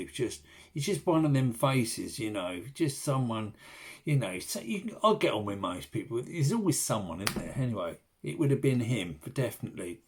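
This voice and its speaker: A man's voice: medium pitch, a little hiss or hum. A middle-aged man telling a rambling, sweary fishing anecdote to camera in a casual way. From England. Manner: swears freely, rambling anecdotal delivery with restarts. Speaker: fishing channel host.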